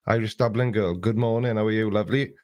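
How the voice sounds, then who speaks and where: Low-voiced man chatting on a livestream. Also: steady tone, quick pace, a little mellow, no echo. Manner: rambling, chatty, greets viewers by name. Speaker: livestream host. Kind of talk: casual livestream chat, reading viewer comments. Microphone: desk recording mic.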